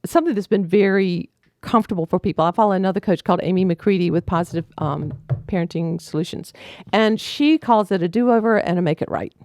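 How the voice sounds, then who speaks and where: A woman's voice: mid-range voice, fast, few pauses, a little mellow, dry recording. Woman, family coach, advising, laughs often, dry close sound. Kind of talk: casual podcast chat.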